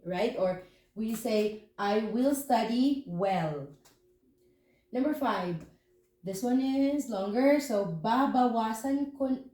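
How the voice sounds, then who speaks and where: A woman from the Philippines with a Filipino accent, teaching a language lesson and slowing down to spell out example phrases. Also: medium pitch, warm tone. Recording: roomy echo, faint room noise.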